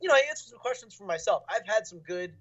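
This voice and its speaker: This is a young man talking at a rapid clip, his voice sitting a little high. He rambles with frequent fillers and restarts. The sound is dull and lo-fi, like call audio. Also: very animated, a bit bright. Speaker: fighter being interviewed. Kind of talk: casual interview talk.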